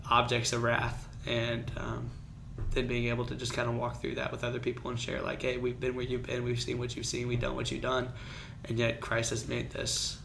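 Gravelly-voiced laid-back male podcast host. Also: medium pitch, monotone, normal speed, noisy background. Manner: laid-back, quiet, laughs often. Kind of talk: casual chat.

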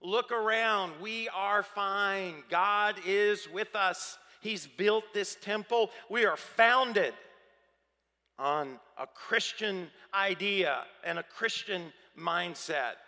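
Smug, scornful townsfolk jeer at a lone prophet, as a man acts them out in a raised, emphatic voice. The voice sits high and bright. A long reverb from a large hall trails every line. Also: fairly even intonation, normal speed, hardly any pauses.

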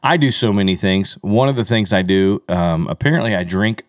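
A man co-hosting a podcast in casual chat, animated and often laughing as he tells stories. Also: on the low side, brisk, dry recording, studio quality. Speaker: podcast co-host.

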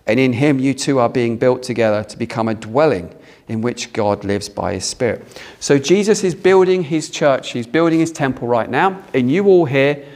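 A man's voice: medium pitch, animated, normal speed, a little mellow. A British man preaching a sermon in a conversational way, asking the congregation questions. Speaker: pastor. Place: church hall with a congregation.

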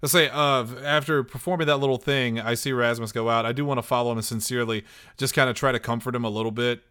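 A man's voice: medium pitch, fairly even intonation, quick pace, bright, forceful tone, clear, resonant tone. A man playing a tabletop game over an online voice call, describing his actions hesitantly. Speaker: player. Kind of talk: casual tabletop role-play.

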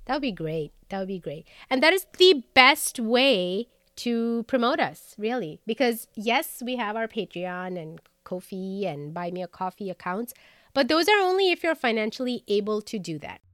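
A woman's voice: fairly high pitch, expressive, normal speed, a bit bright, no room sound. Woman, American accent, podcast co-host, chatty and upbeat, dry close sound. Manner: chatty, upbeat, laughs often. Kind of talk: casual podcast chat.

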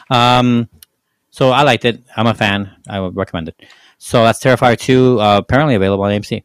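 A man's voice: mid-range voice, fairly quick, clear, resonant tone, no echo. A man co-hosting a casual movie review chat, rambling with many restarts. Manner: rambling, frequent restarts and fillers. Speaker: podcast co-host.

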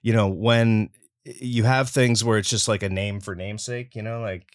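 A man's voice: lowish voice, steady tone, moderate pace. A man from Canada, a voice actor, talking casually in an interview with lots of fillers and easy laughs. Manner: chatty, frequent fillers and laughs. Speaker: voice actor guest.

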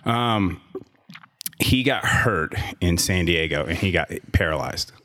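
A man with a very low, deep voice tells a long personal story in a casual interview. He rambles, restarts his sentences and slips in sarcastic asides. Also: expressive, slow pace, sharp tone. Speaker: guest, gym owner and trainer.

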